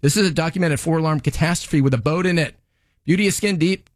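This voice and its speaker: A man's voice: fairly high pitch, fast, no echo, clean studio sound, natural voice. A man voicing a stern, sarcastic female TV judge who scolds defendants in a comedic courtroom monologue. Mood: scolding.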